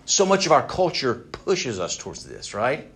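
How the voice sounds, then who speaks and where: A man's voice: medium pitch, huge pitch swings, normal speed, a bit bright. A man teaching a Bible passage to a group in a conversational way, often asking them questions and repeating words as he restarts. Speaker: Bible study leader.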